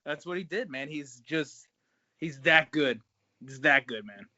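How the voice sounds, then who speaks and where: A man with a fairly high, bright, forceful voice talks in a loose, casual way, swearing freely and calling people man and bro. He is recorded dry over a video call. The sound is dull and lo-fi. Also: unhurried, no echo. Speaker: pro wrestler guest. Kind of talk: casual interview chat.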